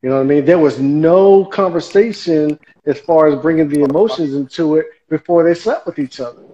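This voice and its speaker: Male host arguing back, mellow voice, kinda dull lo-fi sound. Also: on the high side, fairly quick. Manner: conversational, pushes back. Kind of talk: casual call-in debate.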